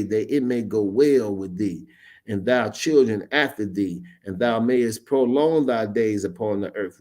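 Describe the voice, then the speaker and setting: A man preaching a sermon, reading scripture aloud and then retelling it in casual street slang, his voice jumping high on emphatic words. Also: darkish tone.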